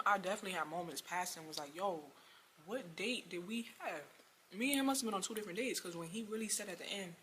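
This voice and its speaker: A young woman telling an exasperated story about a bad date in a storytime vlog, lively and full of slang. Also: lowish voice, a little hiss or hum. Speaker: vlogger.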